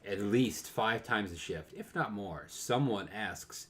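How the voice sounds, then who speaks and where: A young man co-hosting a casual podcast, ranting and telling stories in an animated way that swings from low mutters to loud bursts. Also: takes it slowly, slight background noise. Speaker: podcast co-host. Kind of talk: casual chat.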